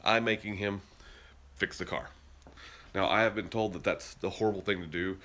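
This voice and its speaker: This Utah man hosts a podcast, his low voice fairly even in intonation, a bit bright, at a moderate pace. His story wanders, with frequent restarts, and grows heated and emphatic. He's in a garage and a car, both indoors and outside.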